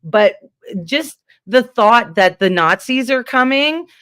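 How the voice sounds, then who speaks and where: A woman guest from Canada in casual political chat, talking in a heated, rambling, animated way with many fillers. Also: fairly high pitch, slow, clear, resonant tone, dry recording, clean studio sound.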